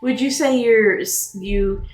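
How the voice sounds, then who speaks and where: A woman's voice: a little high, slow, echoey room, faint music behind. A woman narrating a tabletop game as game master, rambling with many fillers.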